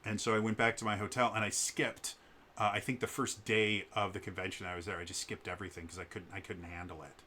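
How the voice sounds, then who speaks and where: Thirties male vlogger, low-ish but bright voice, casual storytelling with lots of stammering and restarts. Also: little pitch movement, quick pace, breathy edge. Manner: hesitant, stammering, with many restarts and fillers.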